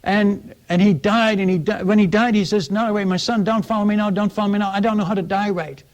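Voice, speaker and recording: A blunt, plain-spoken aging tribal chief, as a preacher puts him on, talking in a raised voice. The figure speaks in short, direct sentences. It sounds like a quoted character in a spoken sermon story. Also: male voice, high-pitched, fairly even intonation, quick pace, pitched above the performer's own voice, lightly acted. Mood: earnest.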